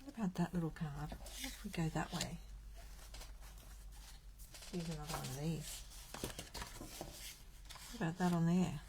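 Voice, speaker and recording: A woman's voice: low voice, a little slow, pauses often, noisy background. A woman from Australia hosting a live card-making stream, chatting and thinking aloud as she works. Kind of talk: live crafting stream chat.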